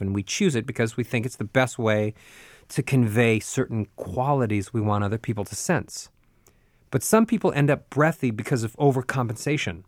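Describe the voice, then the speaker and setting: A man giving a spoken voice lesson as a voice coach, telling stories with animated, emphatic asides. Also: mid-range voice, no room sound, clean studio sound.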